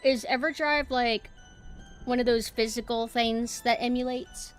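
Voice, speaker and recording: A woman streamer chatting casually with her viewers in a dry, deadpan monotone. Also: a little high, a little slow, faint music behind.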